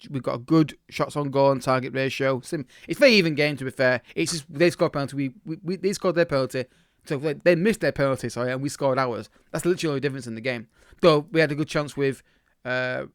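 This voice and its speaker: A man's voice: fairly high pitch, clean tone, no echo, clean studio sound. A man casually commentating his own football management game, reacting live and often restarting his sentences. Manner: chatty, reacts live to the match, many restarts. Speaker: gaming YouTuber.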